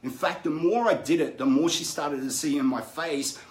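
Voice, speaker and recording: A man's voice: on the high side, moderate pace. A man teaching a personal development session, telling stories in a conversational way and often checking that listeners follow. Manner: conversational, keeps checking in with "right?" and "make sense?". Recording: roomy echo.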